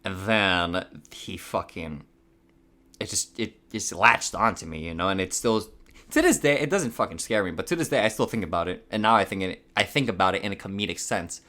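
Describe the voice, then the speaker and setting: A man's voice: low-pitched, lively intonation, normal speed, sharp tone. A young man from Hawaii telling a rambling story on his podcast. He swears a lot, laughs at himself and his voice cracks now and then. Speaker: podcast host. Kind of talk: casual storytelling.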